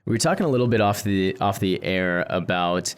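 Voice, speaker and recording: A man hosting a podcast, easing into questions with "um" and "you know." His voice is low and smooth, with a clean, resonant tone. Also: lively intonation. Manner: measured, hesitant questions with fillers. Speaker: podcast host. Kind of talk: casual podcast interview.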